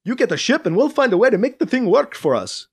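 A man's voice: very high voice, very animated, fast talker, breathy edge, voice pushed up, exaggerated voice. A man voicing Krish, an eager male scientist who talks with bursting enthusiasm. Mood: enthusiastic.

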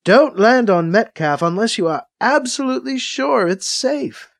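A man's voice: very high-pitched, lively intonation, unhurried, gravelly, dry recording, clean studio sound, voice pushed up, full character voice. A man reading an audiobook, voicing a solemn older woman who was once a leader, guarded and sighing. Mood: reluctant. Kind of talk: audiobook character voice.

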